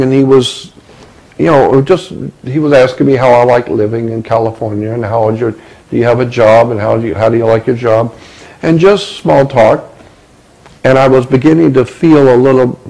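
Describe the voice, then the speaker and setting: A man telling a story about his own past, halting and repeating words as he searches for them. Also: medium pitch, darkish tone, poor audio. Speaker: speaker recounting a personal experience.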